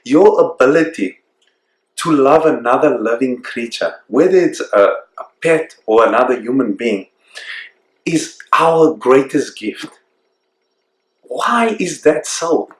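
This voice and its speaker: A man hosting a self-discovery program, speaking earnestly and reflectively and slowing down to stress key points. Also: mid-range voice, expressive. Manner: earnest, reflective, slows down for emphasis. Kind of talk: motivational talk to camera. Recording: echoey room.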